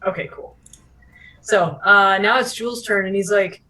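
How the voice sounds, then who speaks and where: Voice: mid-range voice, fairly even intonation, normal speed, pushed and bright, rough recording. A game master narrating turns in a tabletop game, rambling with frequent fillers.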